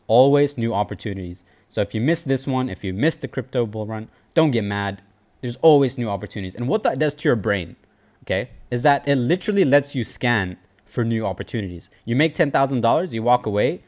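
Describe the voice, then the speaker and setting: Animated man giving casual advice. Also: mid-range voice. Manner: animated, earnest, slangy, repeats phrases for emphasis. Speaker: host.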